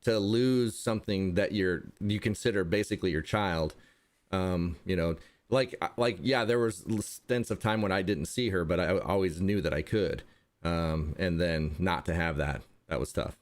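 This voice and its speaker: A man, a guest in a casual interview, talking in a rambling way with halting restarts and dry humor. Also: low-pitched. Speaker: interview guest, content creator. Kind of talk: casual conversation.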